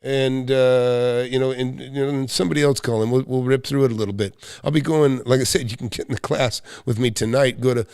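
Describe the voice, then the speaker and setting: Gravelly american guy doing a money livestream, blunt and kinda sweary, stumbles and restarts a lot, mid-pitched. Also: fast talker, few pauses, darkish tone, dry recording, studio quality. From United States. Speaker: real estate coach hosting a live Q&A stream. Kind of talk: live-stream chat with viewers.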